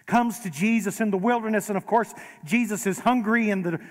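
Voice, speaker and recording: A man preaching a sermon as pastor, conversational and gently humorous, in a large church sanctuary. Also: high voice, fairly quick. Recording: long reverb of a large hall.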